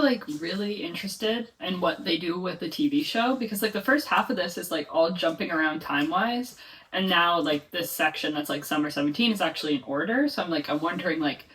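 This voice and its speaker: A woman's voice: fairly low pitch, a bit bright. Chatty young woman rambling about a book. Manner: chatty, rambling, many "like" fillers. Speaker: book vlogger. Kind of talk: casual reading vlog chat. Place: home, reading in bed or on couch. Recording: voice a bit far from the mic.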